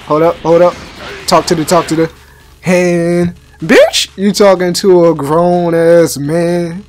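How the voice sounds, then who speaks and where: A man's voice: on the high side, steady tone, slow, faint music behind. Hyped young man doing gameplay commentary. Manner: hyped, slangy, talks back to the game, many restarts. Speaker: gaming YouTuber. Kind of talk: excited let's-play commentary.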